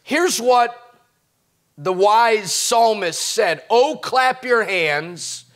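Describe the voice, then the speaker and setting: A middle-aged male pastor preaching a sermon, swinging from quiet talk to impassioned shouts. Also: high voice, very slow.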